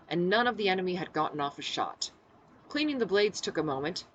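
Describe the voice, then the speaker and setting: A woman's voice: sits low, fairly bright tone, a little hiss or hum, rough recording. A woman reading her own novel aloud in the first person, voicing the dialogue expressively. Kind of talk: audiobook-style first-person narration.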